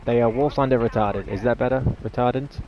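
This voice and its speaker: A man's voice: medium pitch, brisk, dull audio. An Australian man giving rambling, sarcastic live commentary while playing a video game, easily exasperated. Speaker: gaming channel host.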